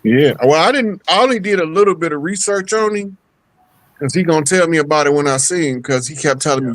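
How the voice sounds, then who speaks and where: A man's voice: fairly high pitch, fast talker, no echo, low-quality recording. A man appearing as a guest on a talk show, speaking in a loose, rambling, conversational way. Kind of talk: casual talk show chat.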